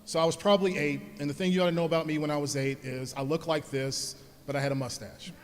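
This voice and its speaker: Guy giving a heartfelt alumni speech, kinda high voice, long hall echo. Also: fairly even intonation, quick pace. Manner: earnest, storytelling, grows soft when thanking his parents. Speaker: alumni speaker. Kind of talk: heartfelt speech with personal stories. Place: large hall at an alumni event.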